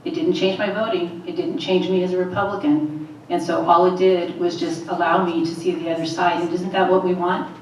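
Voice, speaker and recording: A woman running for office, answering forum questions in a steady, measured way and repeating phrases for emphasis. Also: on the low side, slight background noise. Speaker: political candidate. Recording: echoey hall, voice from far off.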